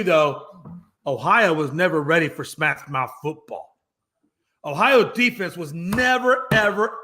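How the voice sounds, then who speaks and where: A man co-hosting a sports talk show, ranting in an animated, profane way and repeating phrases for emphasis. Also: high voice. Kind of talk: loud casual sports talk.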